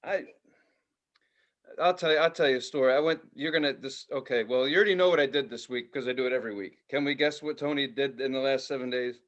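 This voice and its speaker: A man co-hosting a podcast, telling a profane, animated story in casual chat, now and then shouting loudly. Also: mid-range voice, fast, lo-fi sound. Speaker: podcast co-host.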